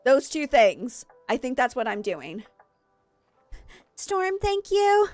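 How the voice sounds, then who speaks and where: A young woman with a slightly high voice chats casually on a live stream, excitable and quick to giggle when she gets flustered. Her voice sits dry and close on the mic, with faint game music underneath. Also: no echo. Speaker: streamer hosting a game party.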